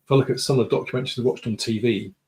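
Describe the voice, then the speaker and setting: A man from the UK, a podcast guest chatting and telling stories in an unhurried way over a video call. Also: mid-range voice, steady tone, a little mellow. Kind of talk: casual conversation.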